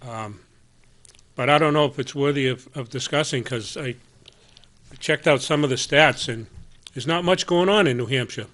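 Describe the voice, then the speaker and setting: A man co-hosting a local cable talk show, speaking bluntly with some sarcasm and often trailing off quietly. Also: mid-range voice, moderate pace, long pauses. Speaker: co-host. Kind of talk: casual public-access talk show.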